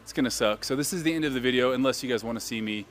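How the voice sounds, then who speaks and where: A fitness vlogger talks rapid-fire in a mid-range voice while filming a casual gym session. Joking between sets, he urges the viewer on and is sometimes short of breath.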